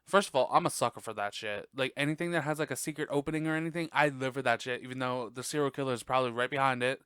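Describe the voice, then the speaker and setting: A man hosting a podcast, chatting casually and profanely about a classic animated film, laughing often. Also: mid-range voice, racing, clear, resonant tone, dry recording, studio quality. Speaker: podcast host. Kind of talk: casual movie review chat.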